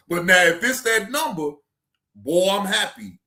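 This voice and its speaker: A man's voice: high-pitched, expressive, measured pace, bright, forceful tone, reverberant. A man hosting a livestream in casual chat, rambling loosely with slang and swearing as he talks to his chat. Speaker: livestream reaction host.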